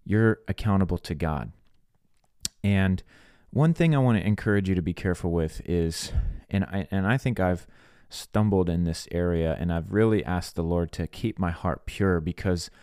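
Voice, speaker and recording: A man's voice: low-pitched, normal speed, a little mellow, smooth, no room sound, studio quality. A man hosting a faith podcast, preaching earnestly in plain words and acting out conversations. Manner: earnest, plain-spoken, acts out quoted dialogue. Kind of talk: sermon-style podcast teaching.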